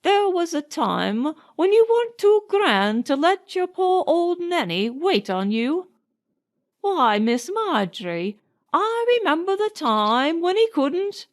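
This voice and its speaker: A woman's voice: big pitch swings, exaggerated voice. Woman voicing a fussy old nanny. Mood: fond scolding. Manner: high, slow, wailing and coaxing. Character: fussy old Irish nanny, doting and scolding. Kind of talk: audiobook character reading.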